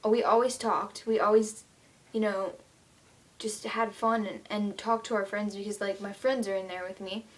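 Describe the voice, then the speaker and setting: A woman's voice: mid-range voice, fairly even intonation, normal speed. A teenage girl ranting to the camera in a casual vlog, chatty and indignant, full of "like" and "um". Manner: chatty, lots of "like" and "um"; indignant storytelling. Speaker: vlogger.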